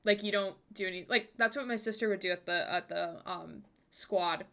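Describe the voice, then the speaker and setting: A woman's voice: medium pitch, moderate pace, creaky, sharp tone. A young woman streaming live, chatting with viewers in a bubbly, giggly way at a desk microphone. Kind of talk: casual live-stream chat.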